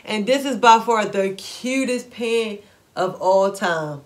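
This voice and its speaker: A woman vlogger chatting excitedly through a shopping haul, gushing and repeating herself with delight. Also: medium pitch, takes it slowly. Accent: Philadelphia-area African American English. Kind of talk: excited haul video chat.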